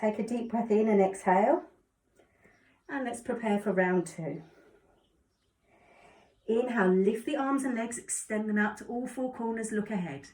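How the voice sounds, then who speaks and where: A woman calmly guiding a yoga class with encouraging cues. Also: on the high side, moderate pace, long pauses. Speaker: yoga instructor. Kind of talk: guided exercise instruction. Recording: echoey room, distant mic.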